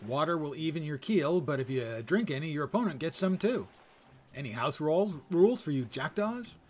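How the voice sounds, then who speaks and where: A man casually commenting on his game in a relaxed, self-deprecating way, reading game text aloud. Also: on the high side, a little fast. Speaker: game streamer.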